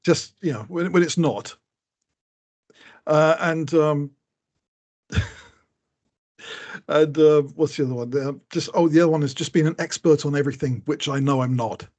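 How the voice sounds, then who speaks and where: A man's voice: fairly high pitch, moderate pace, pauses often, a little mellow. A man co-hosting a casual podcast who rambles, mocks himself and laughs mid-sentence. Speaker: podcast co-host. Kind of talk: casual chat.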